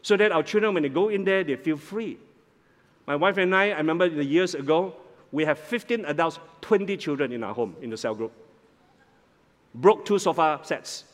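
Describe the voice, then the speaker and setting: A man preaching as the senior pastor of a church, animated, often repeating words and asking "all right?" as he goes. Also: a little high, normal speed. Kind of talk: sermon. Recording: long reverb of a large hall.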